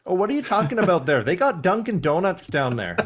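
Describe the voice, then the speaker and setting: A man's voice: sits high, sing-song, fairly quick, slight background noise. A Canadian man co-hosting a podcast, chatting casually and joking with frequent laughs over a video call. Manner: jokey, laughs often. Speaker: podcast co-host. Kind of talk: casual chat.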